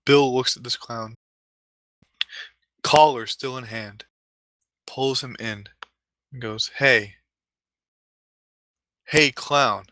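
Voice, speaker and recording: A man telling a comic story in a deliberate way, with dramatic pauses and asides. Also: medium pitch, steady tone, no echo.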